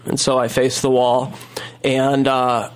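A man's voice: mid-range voice, completely flat delivery, slow. A man telling a long story in casual chat, rambling with many fillers and restarts. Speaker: storyteller guest.

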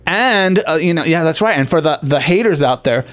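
A man with a somewhat high voice cohosts a podcast, camp and playful. He jokes freely and keeps the chat light. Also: animated, a little fast, a bit bright. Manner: campy and playful, slips into put-on voices. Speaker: podcast co-host. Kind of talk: casual chat.

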